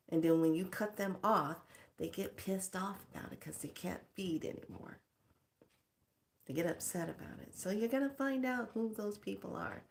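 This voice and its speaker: A middle-aged woman giving a casual spiritual pep talk as a teacher, speaking frankly and expressively and laughing often. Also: on the low side.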